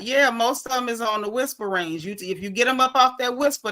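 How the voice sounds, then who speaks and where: A woman's voice: a little high, brisk, few pauses, a bit bright. A woman with a Southern American accent hosting a casual gossip show, sassy and blunt, talking straight to her viewers. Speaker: host.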